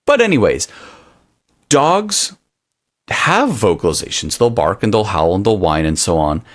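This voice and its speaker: A man's voice: fairly low pitch, measured pace. A man co-hosting a podcast, talking casually and sarcastically, acting out little voices for what dogs might be thinking. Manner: animated, sarcastic, acts out dog thoughts in voices. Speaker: podcast co-host. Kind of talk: casual chat.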